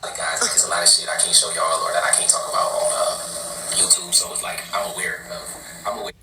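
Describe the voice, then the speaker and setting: A man, a YouTuber, talking to camera in a casual, rapid and guarded way. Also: low-pitched, steady tone. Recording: distant roomy audio with background noise.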